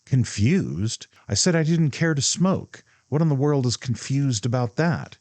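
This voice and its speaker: A man's voice: mid-range voice, expressive, measured pace, darkish tone, dry recording, voice pushed up, natural voice. A man voicing a proud, hot-headed young man who speaks indignantly and demands answers.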